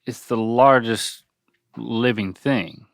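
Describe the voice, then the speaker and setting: A man's voice: mid-range voice, slow pace, gravelly, dry recording, studio quality. A middle-aged man co-hosting a podcast, teasing and playfully quizzing his father. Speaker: podcast co-host. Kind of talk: casual chat. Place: indoor studio.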